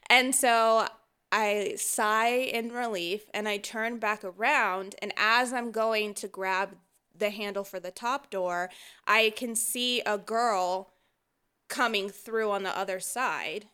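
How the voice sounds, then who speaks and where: A woman co-hosting a podcast, telling a story in casual chat, animated and often laughing as she acts out what people said. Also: mid-range voice, takes it slowly, clear, resonant tone. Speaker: podcast co-host.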